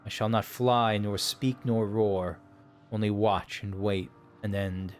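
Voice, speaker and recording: A man's voice: lowish voice, little pitch movement, faint music behind. A man reading as mournful ancient ghost dragons. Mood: stoic. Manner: slow, solemn archaic recitation.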